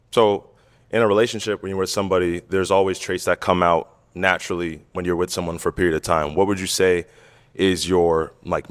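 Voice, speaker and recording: Quick-talking, low-voiced young man. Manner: polite, hesitant, with many ums and likes. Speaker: dating show contestant. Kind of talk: casual interview answers.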